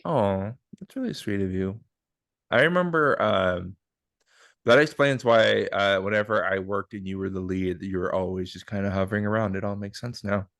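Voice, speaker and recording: A man's voice: on the low side, moderate pace, a bit bright, no room sound, clean studio sound. A man hosting a podcast, chatting casually in an upbeat, joking and rambling way over a video call. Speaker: podcast host. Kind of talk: casual chat.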